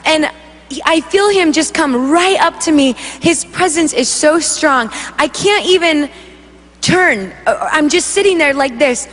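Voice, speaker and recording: A young woman giving a testimony to a congregation, telling her story with lively acted-out voices and frequent laughter. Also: high voice, measured pace, faint music behind. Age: young adult. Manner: animated storytelling, acts out voices, laughs often. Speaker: worship leader giving testimony. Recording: long hall reverb.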